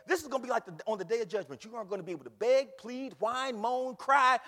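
Male preacher, animated up-and-down delivery, repeats words a lot, long echo in a church hall. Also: high-pitched, quick pace, hardly any pauses. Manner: dramatic, swings from shouts to hushed whispers. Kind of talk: sermon.

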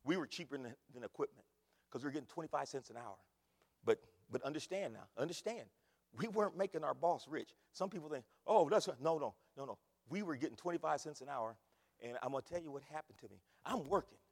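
A man preaching a sermon as pastor, repeating phrases and swinging from loud bursts to quiet asides. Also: a little high, lively intonation, fast, gravelly, big-room sound. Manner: emphatic, repetitive preaching with big swings in loudness. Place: church.

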